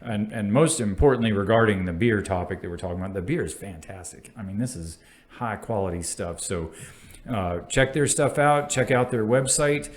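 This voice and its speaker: A man's voice: lowish voice, moderate pace. A man co-hosting a casual chat, recommending a brewery with enthusiasm. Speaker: co-host.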